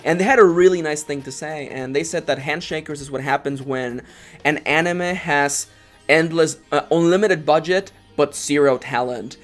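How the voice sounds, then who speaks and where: A young man rants through a casual review with sarcasm and a forced, over-excited tone. His voice sits somewhat high for a man. Faint music plays behind him. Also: moderate pace. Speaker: anime reviewer, channel co-host.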